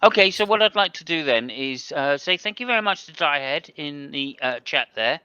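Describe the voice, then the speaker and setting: A man's voice: on the high side, lively intonation, normal speed, pushed and bright, clean tone, no echo, muffled recording. A man hosting a casual chat, joking and restarting his sentences. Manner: chatty, joking, stops and restarts. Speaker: host.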